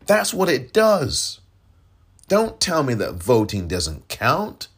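Male political podcast host, husky, animated delivery, exasperated, mocking. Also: mid-range voice, takes it slowly. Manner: fiery, exasperated, mocking others in put-on voices. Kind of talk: impassioned political commentary.

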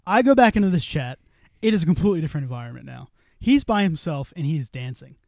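A man's voice: on the high side, sing-song, quick pace, vocal fry, a little mellow, no echo, studio quality. A man telling a long story on a casual podcast, swearing freely and acting out the dialogue. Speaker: podcast co-host.

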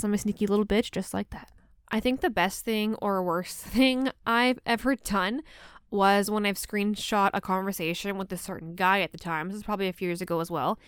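Blunt, foul-mouthed woman with a smooth voice. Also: mid-range voice, fairly bright tone, no room sound, clean studio sound. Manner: blunt, profane and laughing often. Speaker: podcast host. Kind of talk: casual solo podcast storytelling.

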